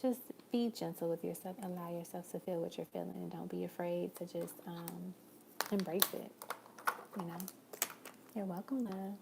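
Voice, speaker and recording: Gravelly low-voiced woman reading tarot. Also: steady tone, moderate pace, noisy background. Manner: casual, affectionate, calls viewers girl and love. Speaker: tarot reader. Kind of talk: live-stream tarot reading.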